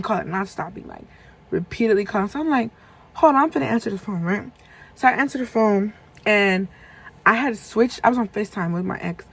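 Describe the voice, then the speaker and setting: A woman's voice: mid-range voice, breathy edge, poor audio. A young woman telling a casual storytime, chatty with lots of fillers, acting out the voices of people in her story. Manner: chatty, lots of fillers, acts out quoted dialogue.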